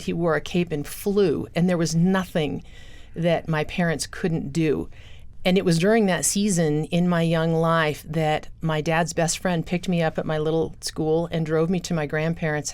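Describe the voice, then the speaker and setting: Earnest woman telling her life story. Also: deep voice. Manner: earnest storyteller, acts out quoted voices. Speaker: guest. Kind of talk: personal testimony interview.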